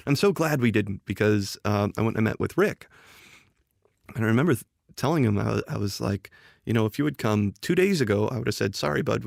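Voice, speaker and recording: Appearing on a casual podcast, a game designer animatedly spins a story, acting out what people said and often going back to repeat words or restart. His lowish voice carries vocal fry, captured cleanly in studio quality with no room sound.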